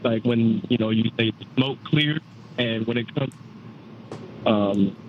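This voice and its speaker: A male caller asks his question hesitantly, filling pauses with ums and likes. His voice comes through a dull, muffled call-in line. A faint hiss runs behind it. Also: mid-range voice. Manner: hesitant, with many fillers.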